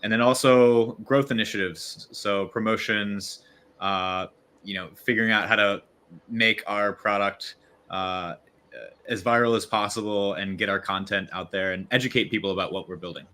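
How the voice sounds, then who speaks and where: A man's voice: lowish voice, fairly even intonation, normal speed, sharp tone. A man on a video call, guest on a casual livestream, explaining his work with frequent fillers and restarts. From Virginia. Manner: hesitant, many fillers and restarts. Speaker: growth lead guest.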